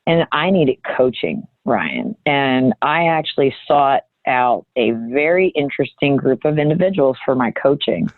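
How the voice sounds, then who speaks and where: A woman guest telling a personal story in an earnest, halting way, often restarting her sentences. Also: very deep voice, animated, no echo. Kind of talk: candid reflective storytelling. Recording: thin phone-like audio.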